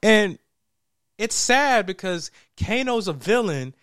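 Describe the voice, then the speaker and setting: A young man in casual chat, reviewing a film with a friend, lively and laughing, acting out characters in quoted voices. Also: high-pitched, slow, clear, resonant tone, no room sound, clean studio sound. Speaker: podcast co-host reviewing a film.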